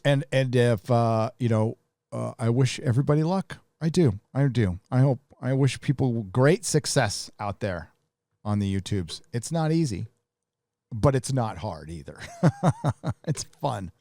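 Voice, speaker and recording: A man hosting a live stream, ranting bluntly and profanely in a casual, halting way. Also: medium pitch, animated, warm tone, no echo, clean studio sound. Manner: casual, with restarts.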